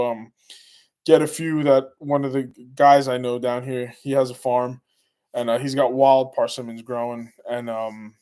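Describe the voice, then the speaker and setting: A man's voice: mid-range voice, a little mellow. A middle-aged man hosting a casual live stream, rambling through stories and chatting with viewers. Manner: rambling, laughs while telling stories. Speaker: livestream host.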